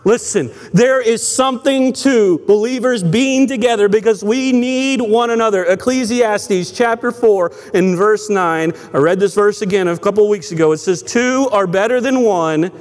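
A man with a high voice preaches to his congregation, telling stories in an easy, conversational way. He often stumbles and restarts his sentences. The sound has the long reverb of a church hall. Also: moderate pace, few pauses. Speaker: pastor. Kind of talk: sermon.

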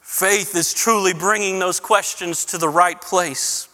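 A man's voice: high-pitched, steady tone, measured pace, sharp tone, big-room sound. A man preaching a sermon as pastor, repeating words as he builds, rising into passionate pleading. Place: church sanctuary.

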